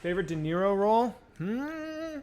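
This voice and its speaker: A man's voice: medium pitch, moderate pace, a little hiss or hum. A man streaming a game, chatting casually to viewers in a loose, profane, rambling way with frequent restarts. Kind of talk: casual chat while gaming.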